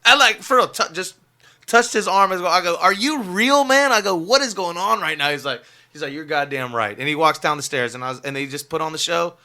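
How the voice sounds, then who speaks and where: A young man, a guest musician, telling a rambling, excitable story in a casual podcast interview, full of filler words. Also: a little high, fairly quick.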